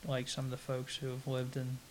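Flat-voiced Southern US man. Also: mid-range voice, a little hiss or hum. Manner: unhurried, plain-spoken, halting restarts. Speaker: interviewee. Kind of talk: casual interview conversation.

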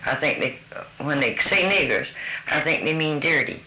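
A man's voice: on the high side, moderate pace, sharp tone. An older man answering interview questions in a folksy, easygoing way, calling the interviewer honey. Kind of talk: answering a word-list interview. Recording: roomy recording with background hiss.

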